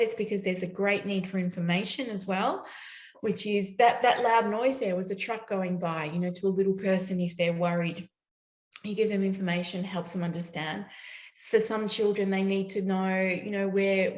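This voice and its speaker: Woman, parenting speaker, animated storyteller, echoey room. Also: medium pitch. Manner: lively storytelling, acts out quoted voices. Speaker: parenting educator. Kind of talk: summit talk. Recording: roomy echo.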